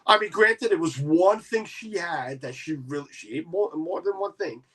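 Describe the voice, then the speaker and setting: A man's voice: high-pitched, moderate pace, fairly bright tone, husky. A man hosting a casual livestream chat, rambling with many restarts. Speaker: livestream host.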